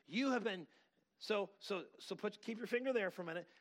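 A man preaching a sermon as pastor, telling stories in a loose, halting way and rising to emphatic, drawn-out proclamations. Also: sits high.

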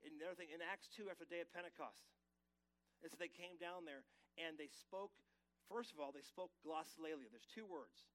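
A man preaching a Sunday sermon with a slightly high voice. He urges the congregation to answer him aloud and reads scripture with emphasis. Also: a little fast, fairly bright tone, poor audio. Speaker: pastor. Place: church sanctuary.

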